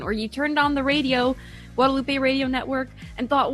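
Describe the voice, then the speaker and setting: A woman from Ireland hosting a radio talk show, chatty and quick, inviting callers to phone in. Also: on the high side, steady tone, a bit bright, faint music behind. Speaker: radio host.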